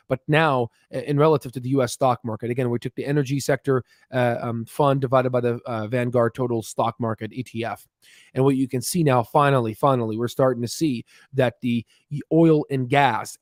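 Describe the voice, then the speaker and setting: A man walking viewers through stock market charts in a casual, quick explainer with many restarts and fillers. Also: mid-range voice, no room sound, clean studio sound. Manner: many fillers and restarts, talks fast on purpose.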